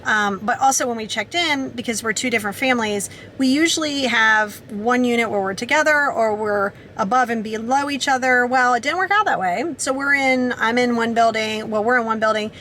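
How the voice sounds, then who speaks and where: A woman talks casually to her camera in an upbeat, chatty way, throwing in "like" often. Her voice sits a little high, with a light hiss of noise behind her. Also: fairly quick, few pauses, pushed and bright. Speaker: vlogger. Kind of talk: casual vlog talk to camera.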